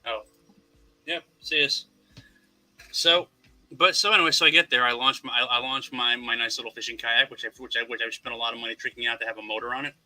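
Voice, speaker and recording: The audio is poor, but this Florida man's voice comes through mid-range, steady, fast, and sharp. He rambles through a long story on a casual podcast, wry and profane, repeatedly starting his sentences over.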